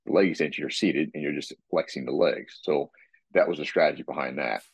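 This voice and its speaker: A man talking casually about his workout, rambling and restarting his sentences and clearing his throat often. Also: extremely low pitch, a little fast, dry recording. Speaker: guest describing his workout. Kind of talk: casual podcast talk.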